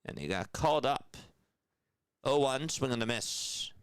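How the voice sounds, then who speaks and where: A man's voice: medium pitch, clear, resonant tone, no room sound. Male live-stream baseball play-by-play announcer. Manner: excited, loud greetings to viewers in chat; steady, measured game calls. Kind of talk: radio-style play-by-play with chat shout-outs.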